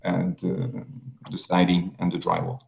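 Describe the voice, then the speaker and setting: A man with a French accent gives a webinar talk over a video call. His voice is low and gravelly with a mellow, dark tone, and he speaks haltingly with many fillers and restarts. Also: monotone, muffled recording. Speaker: presenter. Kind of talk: webinar presentation.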